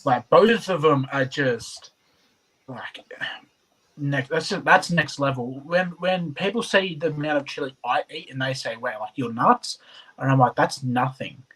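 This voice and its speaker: A man's voice: on the high side, a little slow, fairly bright tone, slightly rough, low-quality recording. A man giving earnest interview answers, full of stumbling restarts. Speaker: competitor.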